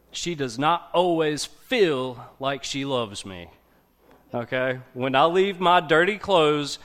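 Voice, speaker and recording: A man's voice: mid-range voice, a bit bright. Man, casual preacher, chatty sermon delivery, mid-range voice. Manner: conversational, often checks in with "okay?".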